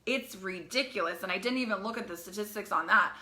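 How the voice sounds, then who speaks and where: Bright, chatty woman coach talking live. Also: mid-range voice. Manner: fast, chatty, repeats herself, frequent "right?". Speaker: coach for teen girls. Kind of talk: live video talk to parents.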